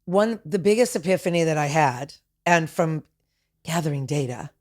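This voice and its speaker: A woman's voice: low voice, animated, moderate pace. A woman talking as a podcast guest, rambling through stories with many restarts. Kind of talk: casual conversation.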